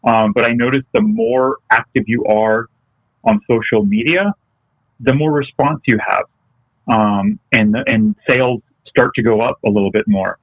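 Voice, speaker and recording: A man's voice: mid-range voice, expressive, a little slow, no echo. A male interview guest who talks in a casual, hesitant way and often stops to restart a thought. His voice comes through a narrow, tinny, phone-like line that sounds dry. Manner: hesitant, with many ums and restarts. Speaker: interview guest, detailing business owner. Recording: tinny, phone-like remote call audio.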